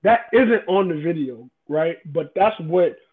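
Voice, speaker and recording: A man's voice: a little high, lively intonation, measured pace. A man in a casual debate, emphatic and profane, often repeating himself. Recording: tinny phone-like sound.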